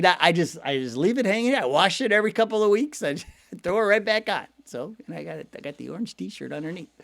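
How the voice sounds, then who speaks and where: A man with a Cleveland accent hosting a fan show, chatty and animated, laughing often as he reads viewer comments. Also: sits high, dry recording, clean studio sound. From Ohio. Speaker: sports podcast host reading viewer comments. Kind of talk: casual fan talk show.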